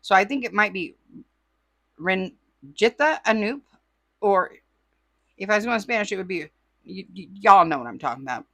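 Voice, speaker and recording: A woman from California reads viewer comments aloud in a relaxed, chatty way, adding her own asides. Her voice is bright and forward. It sits close and dry, with no room sound around it. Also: mid-range voice, a little fast, dry recording. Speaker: host reading viewer comments. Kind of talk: casual chat.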